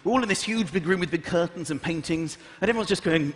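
A man doing stand-up comedy on stage, animated and acting out voices, shouting punchlines. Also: high voice, quick pace, a little hiss or hum. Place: large hall with audience. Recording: echoey live hall, audience laughter.

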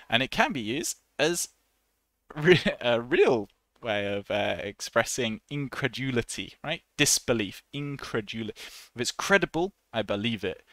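A man teaching an English lesson in a chatty, relaxed way, laughing often and acting out short example voices. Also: on the low side, no echo. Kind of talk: casual online English lesson.

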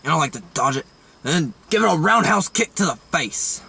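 A man co-hosts a casual vlog in a very bright, fairly high voice that moves around a lot in pitch. He drops short crude one-liners in a deadpan manner. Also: fairly quick, vocal fry, breathy edge. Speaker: vlog co-host. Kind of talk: casual crude joking chat.

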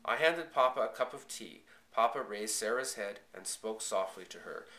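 Man, storybook narration, bright tone, roomy echo, measured and earnest. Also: fairly low pitch, lively intonation. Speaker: audiobook reader. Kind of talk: first-person storybook narration.

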